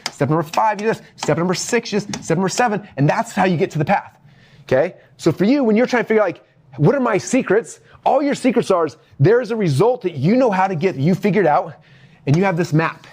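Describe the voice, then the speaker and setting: Fast-talking animated man teaching. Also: high-pitched, a little hiss or hum. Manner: animated, keeps checking in with the audience. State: out of breath. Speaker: business coach. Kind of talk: energetic teaching talk.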